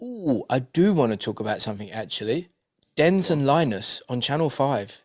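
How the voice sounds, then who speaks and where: A man talking boxing in an easygoing podcast chat, lively and loose, quick to swear and to crack a joke. His voice sits in an ordinary middle register and is close and dry on the mic, with no room sound. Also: mid-range voice, no room sound. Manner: animated, swearing, jokey with mimicked voices. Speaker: podcast co-host.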